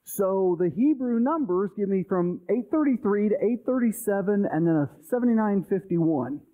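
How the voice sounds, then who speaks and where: A man's voice: high-pitched, animated, normal speed. A male pastor teaching an informal Bible study class, explaining things conversationally with everyday examples and often checking in with "okay?". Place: church. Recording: tinny, phone-like sound.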